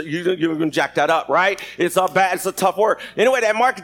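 A man's voice: high voice, fast, few pauses, a bit bright. A man preaching a sermon, reading scripture and joking with the congregation. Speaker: pastor. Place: church sanctuary.

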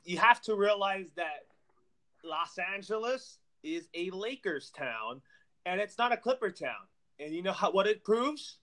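A man co-hosting a casual sports podcast, lecturing emphatically with loud bursts. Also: high-pitched, lively intonation, measured pace.

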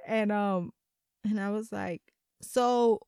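Animated, profane woman telling a story. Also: medium pitch, unhurried, creaky, no room sound, studio quality. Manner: animated, profane, laughs often. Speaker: podcast co-host. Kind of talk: casual storytelling chat.

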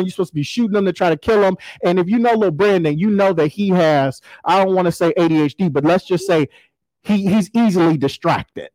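A man's voice: on the high side, darkish tone, no room sound, low-quality recording. A man, preaching a sermon in a folksy, conversational storytelling way. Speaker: pastor.

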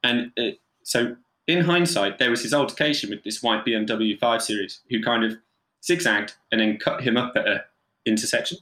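A man's voice: medium pitch, normal speed. A man, a photographer, telling anecdotes casually with plenty of fillers and acted-out voices. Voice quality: animated, lots of fillers and mimicry. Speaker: photographer, podcast guest. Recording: roomy echo.

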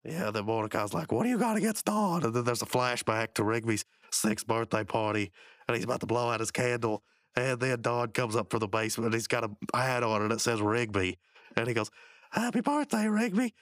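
A man's voice: on the low side, level tone, brisk, fairly bright tone, clear, resonant tone, no room sound. A man co-hosting a podcast, recapping a cartoon episode with dry joking asides. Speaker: podcast co-host.

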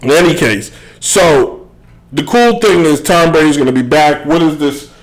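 Man hosting live sports talk, fairly high voice, digressive and self-correcting. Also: expressive, normal speed, rough recording. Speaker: sports show host.

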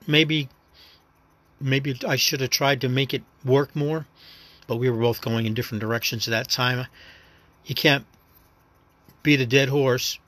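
A man's voice: mid-range voice, fairly even intonation, a little slow, long pauses, fairly bright tone. A man from New York City with a New York accent, hosting his own podcast in a rambling, reflective, understated personal monologue. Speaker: podcast host.

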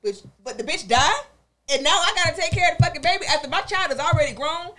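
A woman co-hosting a comedy podcast, talking in loud, animated, swear-filled casual chat. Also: extremely high pitch, fast, soft background music. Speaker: podcast co-host. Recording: faint background noise.

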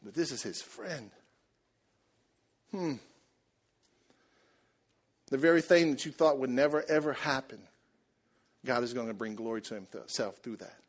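A man preaching a sermon, telling the story in a lively, joking way and acting out the people in it. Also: medium pitch, unhurried, pauses often. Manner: animated, jokey storytelling, acts out voices. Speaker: pastor.

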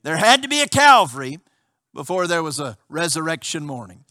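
Male pastor, high pitched and bright, impassioned sermon delivery. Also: sing-song, a little fast, no echo, clean studio sound. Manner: impassioned preaching with rhetorical questions.

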